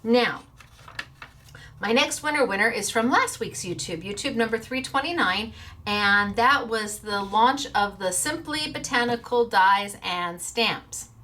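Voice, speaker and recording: A woman hosting a crafting show, talking to her viewers in a casual, heartfelt way. Her voice sits a little high, and she speaks earnestly, like someone quick to tear up. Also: lively intonation, pushed and bright.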